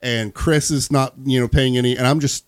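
Male podcast host, rambling storyteller, mid-pitched voice, dry close sound. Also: steady tone, moderate pace, clear, resonant tone, no room sound. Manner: rambling storyteller, laughing through anecdotes. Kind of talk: casual chat.

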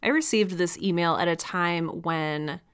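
A woman's voice: fairly low pitch, measured pace, fairly bright tone, clear, resonant tone. A young woman hosting a podcast, speaking candidly and reflectively in casual solo talk, with light laughs as she goes. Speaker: podcast host and audio drama creator.

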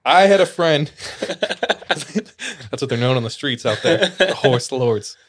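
A man's voice: medium pitch, animated, measured pace. Laughing, rambling podcast guy. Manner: rambling storytelling, laughs often, lots of filler "like". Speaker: podcast host. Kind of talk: casual chat.

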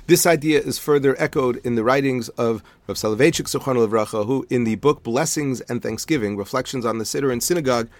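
A man giving a calm, deliberate spoken lesson on prayer, explaining each term with care. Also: medium pitch, no room sound. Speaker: teacher.

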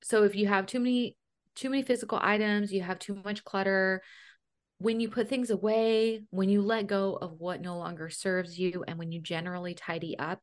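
A woman's voice: mid-range voice, fairly even intonation, normal speed. A woman who works as a home organizer, talking as a guest in a casual podcast chat with a blunt, chatty manner and casual swearing.

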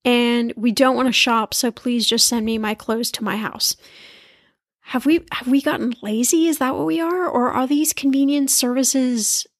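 A woman hosting a podcast in a chatty, animated way, laughing easily as she talks. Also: fairly high pitch, no room sound, clean studio sound. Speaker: podcast host. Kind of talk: casual chat.

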